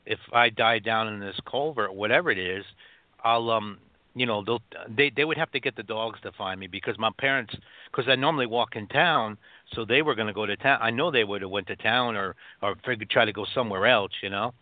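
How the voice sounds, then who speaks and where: A man from upstate New York telling his own story as a guest, halting, with many restarts and fillers, over a phone line. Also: lowish voice, no echo. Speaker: guest author.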